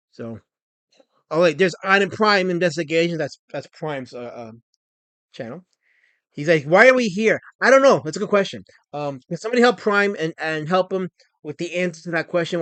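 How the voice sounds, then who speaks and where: High-voiced man hosting a livestream. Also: fairly bright tone, no room sound. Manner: mock-pompous, addresses chat, frequent stammered repeats. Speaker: livestream host. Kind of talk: casual livestream chat.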